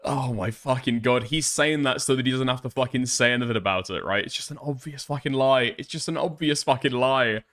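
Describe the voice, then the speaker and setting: Brief: male commentator, mid pitch, sardonic and crude. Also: fairly quick, few pauses, fairly bright tone. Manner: mocking, profane, laughing. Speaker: commentary host. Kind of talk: reaction commentary.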